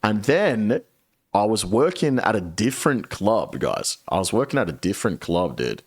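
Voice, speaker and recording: A man with a fairly low voice rambles through a profane story for his stream audience, often calling out to his viewers. His pitch swings up and down constantly as he tells it. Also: big pitch swings, normal speed. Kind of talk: casual storytelling to chat.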